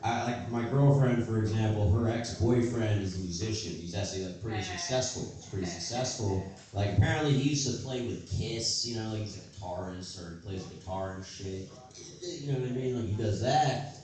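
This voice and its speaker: A man's voice: lowish voice, a little fast, a little mellow. A man doing a loose, rambling stand-up set at an open mic, with crude, self-mocking jokes. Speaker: stand-up comedian. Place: comedy stage. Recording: echoey room from far off.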